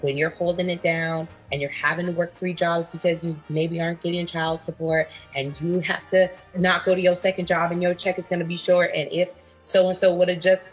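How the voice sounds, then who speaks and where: A woman's voice: lowish voice, level tone, moderate pace, faint music behind. A woman giving an emphatic opinion monologue in a clip, repeating her points for weight. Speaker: commentator in a played clip.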